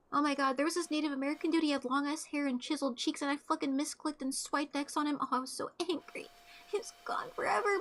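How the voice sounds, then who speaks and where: A young woman streamer tells a story in a laid-back, blunt, joking way, swearing and restarting her sentences often. Her voice sits high and is a bit bright.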